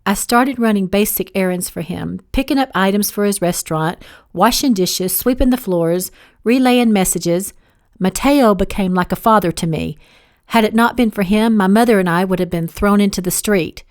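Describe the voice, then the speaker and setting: A woman voicing a brooding, guarded man with a dark past, speaking curtly in a slightly lowered, tense tone. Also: moderate pace, lightly acted.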